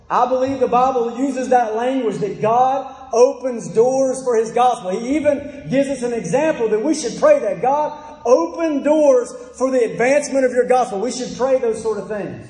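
A man's voice: very high voice, warm tone. A man preaching a sermon in earnest, repeating his key phrases for emphasis. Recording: echoey hall with long reverb.

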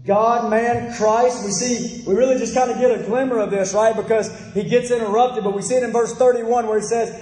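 A high-voiced man preaches a sermon, pressing his points home and repeating key phrases to the congregation. His tone is mellow and warm rather than sharp. The sound carries the long, echoing reverb of a big hall. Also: fairly even intonation, brisk, few pauses. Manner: emphatic, repeats phrases, addresses the congregation directly. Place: church hall.

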